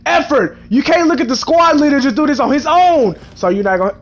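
Over game music and slight background noise, a young man's very high, expressive voice moves at a brisk clip. He's a gaming YouTuber doing funny let's-play commentary, speaking to game characters with mock drama.

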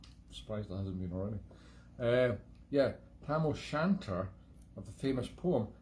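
A man's voice: lowish voice, lively intonation, normal speed, a little mellow. A Scottish man hosting a live-streamed music show from home, chatting in a rambling, digressive way with self-mocking humour. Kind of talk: rambling casual monologue.

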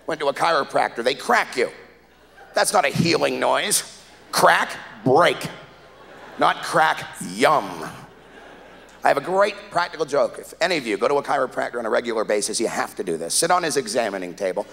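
A man's voice: medium pitch, lively intonation, moderate pace, creaky, fairly bright tone. A man performing a live stand-up comedy set, telling rambling, exasperated stories. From Canada. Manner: rambling, exasperated storytelling with acted-out voices. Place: comedy club stage before a live audience. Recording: live club recording with long hall reverb.

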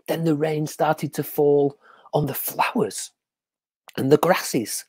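A storyteller telling a children's story on a livestream, drawing out repeated words and dropping into hushed whispers for suspense. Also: medium pitch, gravelly, breathy edge, no echo. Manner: slow, drawn-out repetition for effect.

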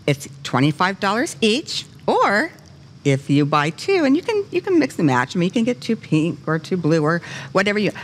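Animated older woman hosting a faith show. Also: medium pitch, normal speed. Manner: animated, gushing storyteller; earnest preaching cadence. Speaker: talk show host. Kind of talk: faith talk show fundraising appeal.

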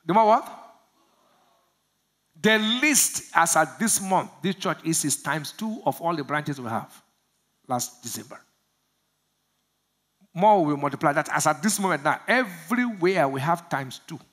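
High, bright-voiced preacher calling out to a congregation. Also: male voice, animated, unhurried, pauses often. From Nigeria. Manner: preaches with call-and-response questions, swinging from low murmurs to loud shouts. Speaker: pastor. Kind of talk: sermon. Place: church service.

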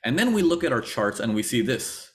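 A man with a mid-range voice speaks fairly quickly in a trading webinar lecture. He tells his own story with animation, acting out his past thoughts and repeating phrases.

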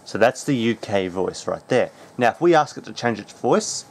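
A man hosting a casual tech how-to, talking in a relaxed, chatty way with plenty of ums. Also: on the low side, moderate pace, husky. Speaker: tech tutorial host.

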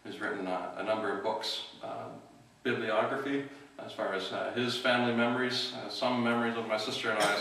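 A middle-aged man, the outreach worker of a church, introduces the evening's speaker in a relaxed, halting talk full of fillers and restarts. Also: mid-range voice, a little hiss or hum. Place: church hall. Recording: distant mic in an echoey hall.

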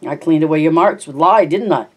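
A hobby audiobook reader voicing a small, spiteful, mocking elf man with a high, taunting voice. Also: a little fast, close to an everyday voice. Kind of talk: audiobook character voice.

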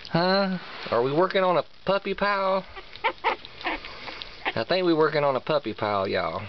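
Man, East Tennessee Southern accent, dog breeder, sing-song baby talk, coaxing, repetitive, dull lo-fi camera audio. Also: mid-range voice. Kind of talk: baby talk to puppies while filming. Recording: dull lo-fi home video with clear background noise.

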